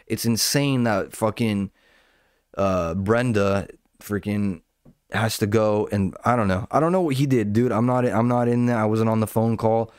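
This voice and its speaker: Low-voiced man ranting, dry and close. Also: a little mellow, smooth, no echo. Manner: profane, rambling, self-interrupting. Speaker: commentator. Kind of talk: casual profane rant.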